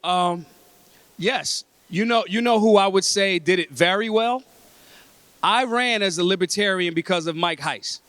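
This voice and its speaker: A man's voice: high-pitched, measured pace, fairly bright tone, no echo. A man from Philadelphia addressing a convention breakfast, talking in an emphatic, streetwise, freely swearing way. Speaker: convention speaker. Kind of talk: blunt, profane talk to a room.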